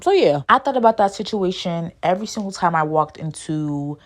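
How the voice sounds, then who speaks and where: A young woman, telling a story from her school days in a casual, indignant way, her voice jumping high when she gets worked up. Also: animated, a little fast.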